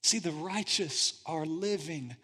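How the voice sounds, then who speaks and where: A male pastor preaching a sermon, animated storytelling that swings from hushed to loud. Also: a little high, slow. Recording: long church-hall reverb.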